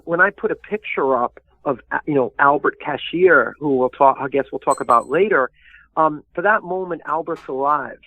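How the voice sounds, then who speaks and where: A man's voice: on the high side, no room sound. Man, historian guest, rambling anecdotal storyteller, phone-quality audio. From New York area. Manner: rambling, anecdotal, many fillers. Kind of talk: casual storytelling interview. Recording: tinny phone-like line, dry.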